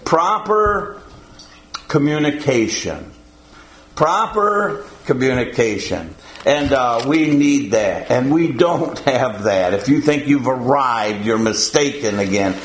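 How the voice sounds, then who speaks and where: A man preaching a sermon to his congregation in a folksy, halting way, often pausing on "uh" and chuckling. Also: mid-range voice, animated, reverberant, slight background noise, poor audio. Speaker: pastor.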